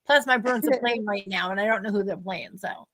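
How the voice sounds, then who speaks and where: A middle-aged woman, telling animated stories in casual chat and acting out the people she quotes. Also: medium pitch, fairly quick. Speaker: host.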